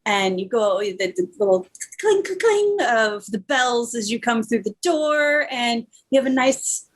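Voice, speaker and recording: A woman's voice: fairly high pitch, lively intonation, a little slow. A woman narrating scenes in a tabletop role-playing game, easygoing and stumbling a little over her words.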